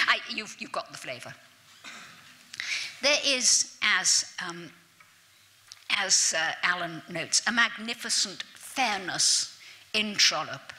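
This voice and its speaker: A woman giving a literature lecture at a summer school, chatty and lively, with asides to her audience and little self-mocking remarks. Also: medium pitch, slow, long pauses. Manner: self-deprecating, laughs at herself.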